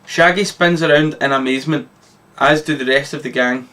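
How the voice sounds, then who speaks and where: A man reading his own story aloud, with lively narration and occasional slips. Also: a little high, normal speed.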